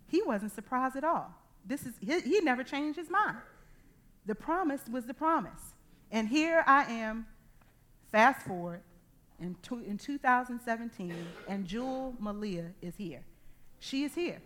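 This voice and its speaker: A woman in her thirties or forties preaching a sermon, telling a personal testimony with animated, acted-out dialogue. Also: on the high side, a little slow. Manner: animated storytelling, acting out dialogue.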